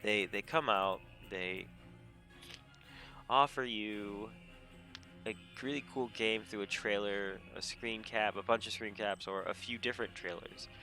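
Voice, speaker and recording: A man giving a casual, rambling rant about video games on a desk mic, animated and often laughing. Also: on the low side, unhurried. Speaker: gamer vlogger. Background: faint game music.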